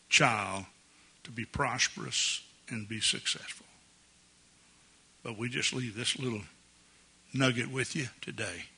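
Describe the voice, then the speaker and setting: Bright, husky older pastor. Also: male voice, mid-range voice. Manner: folksy, jovial, chuckles often. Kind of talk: sermon. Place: church sanctuary.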